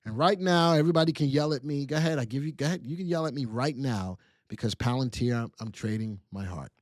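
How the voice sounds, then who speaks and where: A middle-aged man hosting a live stock analysis stream, energetic and chatty, coaching and teasing his viewers directly. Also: medium pitch, quick pace, no echo, clean studio sound. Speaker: stock market strategist hosting a live show.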